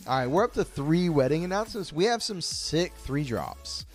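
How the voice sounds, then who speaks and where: A man gives running commentary on his card game in a live stream, his voice bouncing up and down with excitement and sitting a little high for a man. He curses freely and keeps addressing his chat, with soft music playing behind him. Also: moderate pace, hardly any pauses. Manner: excitable, swears a lot, talks to chat.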